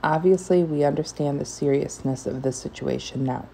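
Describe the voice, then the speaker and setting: A woman's voice: low-pitched, moderate pace, vocal fry, dark tone, a little hiss or hum. A woman reading aloud voices an uncomfortable, impatient father with a firm, clipped manner. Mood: gruff. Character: uneasy father, gruff and impatient.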